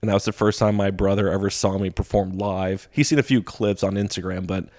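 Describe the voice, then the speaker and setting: A young adult man, a stand-up comedian, telling stories in a casual podcast chat, animated and laughing as he acts out quoted voices. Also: deep voice, brisk. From Texas.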